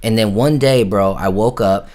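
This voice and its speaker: A man's voice: on the low side, moderate pace, a little mellow. A young man from Florida telling stories in casual, slangy talk, swearing freely and acting out what others said. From Hollywood, Florida. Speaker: musician and actor. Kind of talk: casual storytelling on a livestream.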